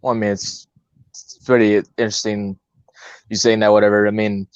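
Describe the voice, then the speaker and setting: A man's voice: on the low side, flat delivery, moderate pace, clear, resonant tone, no echo. A man co-hosting a podcast, talking in a hesitant, filler-heavy way and laughing often. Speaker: co-host. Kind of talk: casual podcast chat. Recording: dull lo-fi sound.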